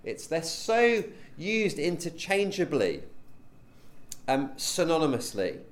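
A man's voice: fairly high pitch, sing-song, takes it slowly. A man leading a teaching session as a preacher, conversational, with frequent ums and rhetorical questions.

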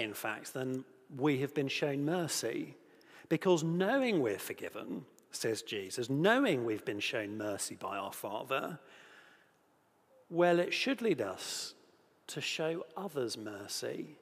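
A man's voice: medium pitch, slow, slightly rough. A man preaching a sermon and reading scripture, earnest and given to rhetorical questions. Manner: earnest, asks rhetorical questions, grows animated at moments. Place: church. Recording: long reverb of a large hall.

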